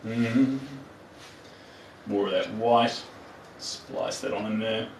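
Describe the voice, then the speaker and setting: A man's voice: lowish voice, steady tone, takes it slowly, a little mellow, reverberant, far from the mic, a little hiss or hum, poor audio. A man with a New Zealand accent chatting playfully with viewers as he paints on a live stream. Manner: chatty, playful, talks to viewers while working.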